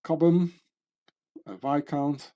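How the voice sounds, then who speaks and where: Slow, mellow-voiced man musing aloud. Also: a little high, steady tone. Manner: musing, rambling, trailing off with fillers and self-corrections. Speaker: video commentator. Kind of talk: casual commentary reading through a list of names.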